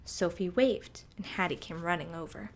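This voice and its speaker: A woman reading a storybook aloud for toddlers in a gentle, soft-spoken way. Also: fairly low pitch, moderate pace, vocal fry, a little hiss or hum.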